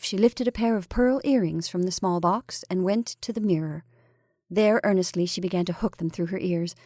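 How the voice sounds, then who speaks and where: A woman reading a literary short story aloud in measured narration, dropping to a whisper on some words. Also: medium pitch, darkish tone, dry recording, clean studio sound.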